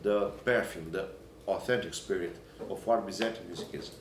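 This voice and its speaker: A man teaching a Byzantine chant class, explaining in halting phrases and breaking into short sung examples. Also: low-pitched, a little hiss or hum. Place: church hall or classroom. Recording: echoey room, recorded from a distance.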